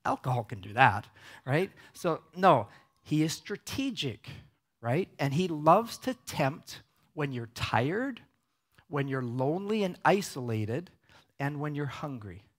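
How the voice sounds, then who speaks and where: A man preaching a casual, conversational sermon with a slightly higher voice than most men. He keeps checking in with his listeners, and he speaks in a cinema hall. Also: sing-song, slow. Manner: conversational preaching, frequent "right?" checks with the audience. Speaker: pastor. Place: large cinema auditorium.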